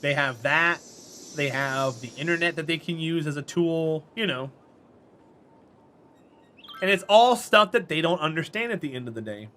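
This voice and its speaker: A man's voice: fairly high pitch, expressive, normal speed, long pauses, sharp tone, slight background noise. A man chatting casually on a live stream while playing a game, rambling and answering chat.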